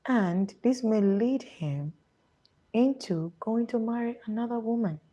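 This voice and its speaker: Nigerian lady vlogging advice, slow and unhurried, kinda hushed, dark mellow voice. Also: fairly high pitch, expressive, dull audio. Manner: often hushed, half-whispered, confiding. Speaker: vlogger answering viewer questions. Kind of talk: casual advice chat.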